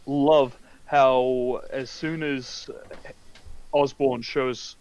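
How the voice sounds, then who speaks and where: A man's voice: mid-range voice, fairly even intonation, very slow, darkish tone, clear, resonant tone, highs cut off. A man co-hosting a casual comic book chat, joking and crude. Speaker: comic book podcast co-host.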